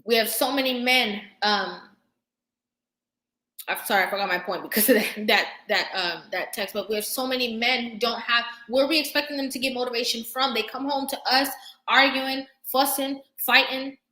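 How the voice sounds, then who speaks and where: A young woman hosting a live stream, talking emphatically and preaching to her viewers, pausing now and then to thank them for their comments. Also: on the high side, bright, forceful tone. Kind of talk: impassioned live-stream talk. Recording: roomy echo.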